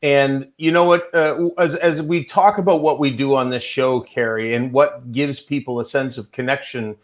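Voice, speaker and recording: A man's voice: medium pitch, fairly even intonation, moderate pace, rough recording. A man co-hosting a live wellness talk show, speaking earnestly and leaning on "you know". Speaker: co-host.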